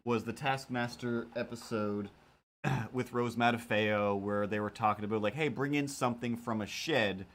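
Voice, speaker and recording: A man chatting off the cuff on a live stream, drifting from one tangent to the next. He fills the gaps with ums and likes and keeps slipping into quick playful quotes of himself. His voice sits at an ordinary pitch for a man. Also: fairly bright tone. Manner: rambling, filler-heavy, jumps into playful self-quotes. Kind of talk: casual live-stream chat.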